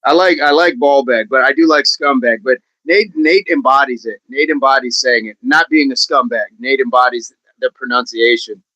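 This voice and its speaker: A man's voice: medium pitch, moderate pace, few pauses, sharp tone, no room sound, rough recording. Playful middle-aged man chatting on a livestream. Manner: playful, laughs often, repeats phrases. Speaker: livestream host. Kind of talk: casual livestream chat reading comments.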